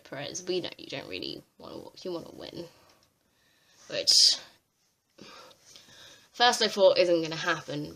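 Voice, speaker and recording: A young woman ranting to camera on a vlog, exasperated and swearing freely with animated outbursts. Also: fairly low pitch, breathy edge. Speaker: vlogger. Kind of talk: ranting commentary.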